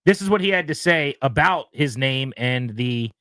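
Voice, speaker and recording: A man hosting a sports radio show, talking in a casual, animated way and often mimicking other people. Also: medium pitch, normal speed, no room sound.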